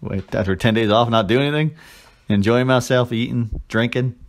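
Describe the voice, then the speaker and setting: A man's voice: mid-range voice, brisk. Guy on a podcast telling a crude travel story, doing little voices, joking around. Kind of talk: casual chat.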